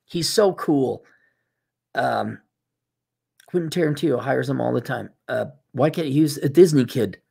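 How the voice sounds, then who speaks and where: A man's voice: fairly high pitch, vocal fry. Rambling man giving casual advice. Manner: rambling, stops and restarts often, informal and blunt.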